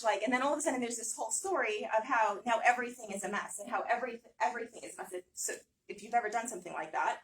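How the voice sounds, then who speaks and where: A woman's voice: fairly high pitch, a bit bright. A woman giving a casual talk to a small audience, chatty, with many fillers and frequent "right?". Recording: voice from some distance.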